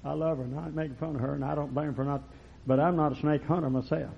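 A man preaching a fiery, folksy sermon that swings from low murmurs to loud shouts. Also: steady tone, very fast, gravelly, a little hiss or hum. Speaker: pastor. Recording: lo-fi recording.

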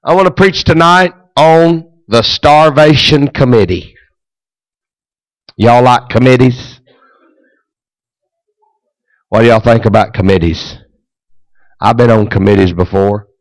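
A man's voice: mid-range voice, no echo, rough recording. A middle-aged man preaching a sermon, retelling scripture in folksy, plain speech.

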